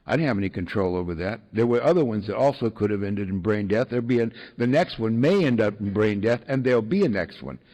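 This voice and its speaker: A man's voice: fairly low pitch, expressive, fast talker, hardly any pauses, a little mellow, poor audio. A man sharing his recovery story with an audience in a wry, self-mocking way, full of fillers and chuckles.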